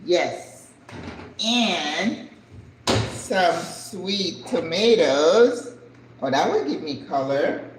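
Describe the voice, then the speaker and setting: Chatty older woman, lively pitch. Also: very slow, pauses often, echoey room, slight background noise, poor audio. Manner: chatty, excitable, exclaiming over food. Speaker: cooking vlog host. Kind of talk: casual cooking chat.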